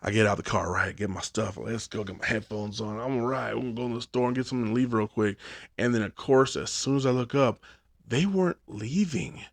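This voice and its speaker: A man's voice: medium pitch, brisk, creaky, dry recording. A man hosting a podcast, telling a rambling, profane comic story full of "like". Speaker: podcast host. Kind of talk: casual comedic storytelling.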